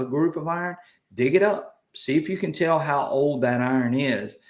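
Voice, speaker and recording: A man's voice: mid-range voice, echoey room. A man with a Southern US accent hosting a casual live chat, folksy and upbeat as he reads out viewer comments. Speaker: livestream host.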